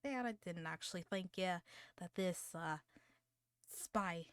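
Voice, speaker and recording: A woman's voice: on the low side, slow, fairly bright tone, smooth, dry recording. A woman playing at a tabletop game, chatting eagerly and giggling. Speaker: player. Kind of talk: casual tabletop play.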